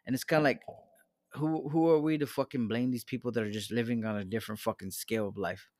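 A man's voice: medium pitch, steady tone, quick pace, a little mellow, no echo, studio quality. A man co-hosting a podcast, talking casually and rambling with many restarts and constant swearing. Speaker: podcast co-host. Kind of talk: casual profane chat.

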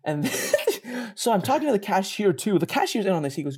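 Animated self-mocking young man. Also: normal speed, husky. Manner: animated, self-mocking, laughs often and jumps higher in pitch. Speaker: podcast co-host. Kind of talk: casual storytelling chat.

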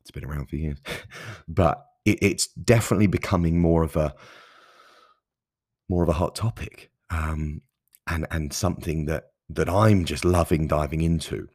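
A man in his thirties with a very deep, husky voice, recorded dry on a close mic. He hosts a solo podcast and talks in an earnest, easygoing, enthusiastic way. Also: moderate pace, a little mellow, no echo. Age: 30s. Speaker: podcast host.

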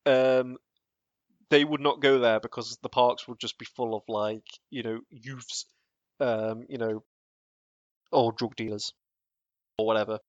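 A man's voice: mid-range voice, fairly even intonation, unhurried, pauses often, no room sound, muffled recording. A man co-hosting a podcast in casual chat, rambling with lots of fillers and restarts and laughing often. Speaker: podcast co-host.

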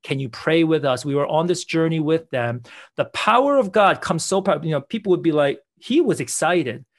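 A man's voice: a little high, animated, brisk. A man, a pastor, telling prayer testimonies in an earnest way, repeating words and acting out what people said. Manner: earnest, repeats words, acts out quoted dialogue. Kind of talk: testimony storytelling in conversation.

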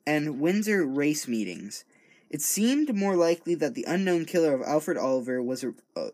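A man casually reading a true-crime account aloud, often stumbling over words, correcting himself and breaking off into joking asides. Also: fairly high pitch. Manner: stumbling, self-correcting, rambling. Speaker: true-crime reader and commentator. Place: home recording studio.

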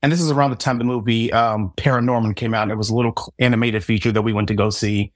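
A man's voice: lowish voice, steady tone, quick pace, dry recording, clean studio sound. A man in his thirties from Southern Indiana, a guest telling his story as a psychic reader, acting out the dialogue with self-mocking humor. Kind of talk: storytelling in casual interview.

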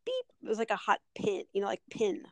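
A woman hosting her own podcast in casual chat, excitable and rambling, dropping lots of "like"s and the odd swear word. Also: mid-range voice, fast, dry recording. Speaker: podcast host.

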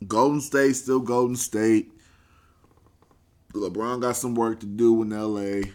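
A man's voice: mid-range voice, steady tone, unhurried, a little mellow. A man talking casually on a podcast, rambling and swearing freely in a laid-back way.

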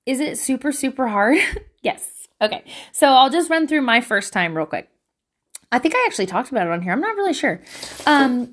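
A woman in her thirties with a mid-range voice chats casually to camera at home as a vlogger giving life advice. She's animated and swears, acting out voices as she tells stories.

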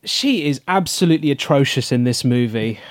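A man's voice: mid-range voice, animated, a little fast, no echo, studio quality. A man co-hosting a casual film review chat, giving blunt, emphatic opinions. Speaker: podcast co-host.

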